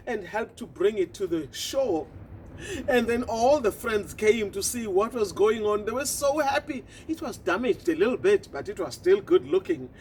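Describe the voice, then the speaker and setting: A woman telling a children's story in an expressive, animated way. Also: fairly high pitch, a little slow, a little hiss or hum.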